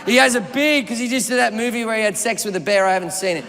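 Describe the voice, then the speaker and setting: A man with an Australian accent works a live stand-up set, spinning a rambling, profane anecdote and acting out everyone in it. His voice sits high and gravelly. The sound comes from a reverberant venue with loud ambience behind him. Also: fast talker, background noise. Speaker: stand-up comedian. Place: comedy stage before a live audience.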